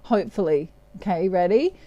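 A woman's voice: lowish voice, animated, brisk, mellow, highs cut off. A chatty, upbeat woman from Australia with an Australian accent, giving a tarot reading and drifting off topic. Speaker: tarot reader.

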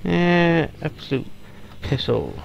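A man's voice: on the high side, sing-song, creaky, highs cut off, slight background noise. A man giving muttered, wry commentary while playing a horror game. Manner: slow, muttering, wry asides. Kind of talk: let's play commentary.

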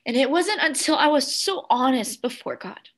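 A children's pastor delivers a heartfelt sermon that includes a personal testimony. She speaks slowly and earnestly in a high, expressive voice, sometimes sinking to a soft near-whisper.

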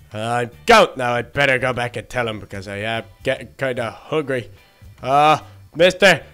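A man's voice: mid-range voice, bright, forceful tone, smooth. A man voicing a childlike male baby duck in a Minecraft role-play, chattering to himself and easily flustered. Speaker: fast-food worker in a game role-play.

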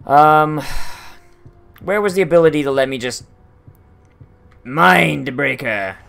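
A man's voice: fairly high pitch, slow, gravelly, fairly bright tone, clear, resonant tone, faint music behind. A man commentating his gameplay with profane, joking banter. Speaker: gameplay streamer. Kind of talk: let's play commentary.

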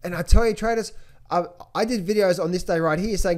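A man's voice: high-pitched, fairly quick, a little mellow. A man hosting a stock market commentary, emphatic and repetitive, often restarting his sentences and calling out to his viewers. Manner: emphatic, repeats phrases, keeps addressing viewers as traders and guys; restless with many restarts and fillers. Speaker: trading coach and channel host.

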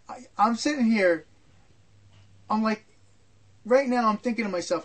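An older man recounts memories in a loose, rambling storytelling style. His voice sits noticeably high for a man. He circles back and repeats himself, tossing in asides as he goes. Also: measured pace, pauses often. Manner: rambling, repetitive, frequent asides. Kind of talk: personal storytelling.

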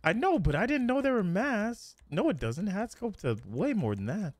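A young man streaming a roleplay game, chatting casually and swearing excitedly. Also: sits high, normal speed, dry recording. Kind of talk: casual gaming chat.

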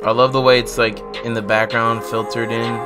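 A man's voice: medium pitch, flat delivery, moderate pace, over music. A young man hosting a song reaction show, talking loosely with slang and frequent swearing. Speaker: host reviewing songs. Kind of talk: casual reaction commentary.

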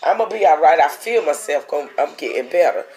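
A woman's voice: low-pitched, expressive, fairly quick, darkish tone. A woman, sick with a cold and short of breath, chatting and complaining to her viewers in a casual video diary. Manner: complaining, talkative, addresses viewers as y'all. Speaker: vlogger.

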